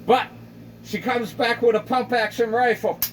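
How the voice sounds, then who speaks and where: A man telling a comic story in an animated, mock-dramatic way, recorded from a distance with loud ambience behind. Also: very high voice, measured pace, a little hiss or hum. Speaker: comedian.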